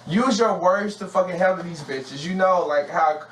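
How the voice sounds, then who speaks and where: Male contestant, high voice, rambling slangy rants, distant noisy mic. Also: normal speed, a bit bright. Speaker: reality show contestant. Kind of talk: casual ranting chat. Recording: distant echoey mic with noise.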